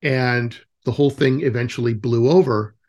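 This guest, a forty-something nature camp director, rambles through stories in a casual interview, stopping to restart and leaning on fillers. His medium-pitched voice is a little mellow at a moderate pace, and the audio sounds dull.

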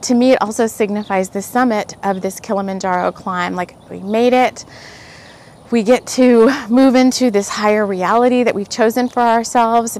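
A woman's voice: medium pitch, a little hiss or hum. Chatty woman telling a rambling story. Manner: chatty, laughs often, uses many fillers. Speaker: spiritual vlogger.

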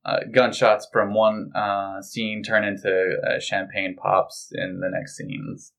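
A man's voice: on the low side, flat delivery, slow, creaky, a bit bright. A man co-hosting a podcast, chatting about a TV episode and correcting plot details. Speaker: podcast co-host. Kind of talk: casual chat.

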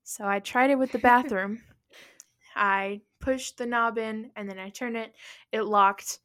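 A young woman co-hosting a podcast, telling a story in a casual, animated way and acting out her own panicked lines. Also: on the high side, measured pace. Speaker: podcast co-host.

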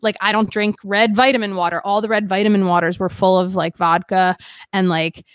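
A woman's voice: mid-range voice, steady tone, fairly quick, clear, resonant tone, dry recording. Candid young woman telling a painful story. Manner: rambling, heavy use of "like", emotional. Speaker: guest.

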